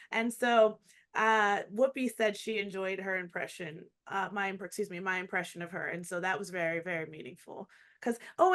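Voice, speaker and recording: Animated woman chatting on a video call. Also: mid-range voice. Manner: animated, frequent laughter, quick restarts. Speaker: comedic actress and guest. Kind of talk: casual interview chat.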